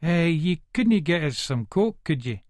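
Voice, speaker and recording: A man's voice: a little high, very animated, unhurried, a little mellow, dry recording, studio quality, voice pushed up. A man with an Edinburgh Scots accent voicing a cocky, wheedling young lad from Leith in an audiobook.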